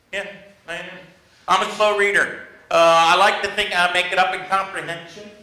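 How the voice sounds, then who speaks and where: Bright, high-voiced male trainer. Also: echoey room, rough recording. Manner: humorous, self-mocking storytelling. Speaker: negotiation trainer. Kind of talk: workshop lecture to a class. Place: training room with an audience.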